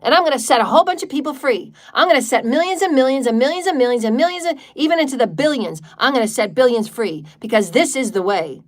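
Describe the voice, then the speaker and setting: A woman's voice: sits high, expressive, fast, hardly any pauses. A woman leading a livestreamed healing meditation in a defiant, declarative way, repeating chant-like lines and swearing freely. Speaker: spiritual meditation leader.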